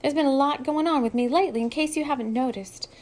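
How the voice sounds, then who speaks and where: A woman's voice: high-pitched, fast, a little mellow, voice pushed up, lightly acted. A woman voicing a nervous young Latina heroine. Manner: hesitant, stammering.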